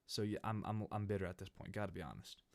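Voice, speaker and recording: A young man from California telling a casual storytime over gameplay, rambling and animated, with many restarts. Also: sits low, fast, creaky. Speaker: gaming channel host.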